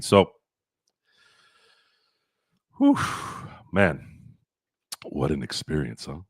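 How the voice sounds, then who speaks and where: A man with a somewhat low voice tells a rambling, profane story on his livestream, full of restarts and asides. The sound is close and dry, with no room around it. His delivery is loose and conversational. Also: a bit bright, no room sound. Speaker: podcast host. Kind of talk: casual livestream chat.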